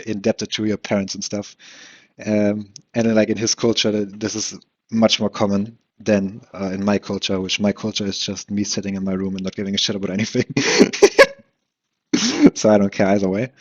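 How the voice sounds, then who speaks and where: Young man rambling on a lo-fi podcast. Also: lowish voice. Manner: rambling, with frequent fillers, restarts and laughs; swears casually. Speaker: solo podcast host. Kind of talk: rambling solo podcast monologue.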